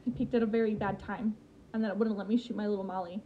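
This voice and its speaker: A woman's voice: medium pitch, fairly even intonation, quick pace. A young woman chatting casually on a gaming livestream, reading and answering chat while she plays. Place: home in a rural area. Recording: lo-fi stream audio, faint background hiss.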